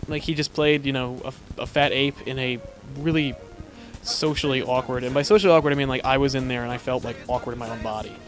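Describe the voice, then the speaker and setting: A man's voice: medium pitch, steady tone, quick pace, faint music behind. Profane, rambling man chatting. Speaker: podcast co-host. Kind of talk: casual chat.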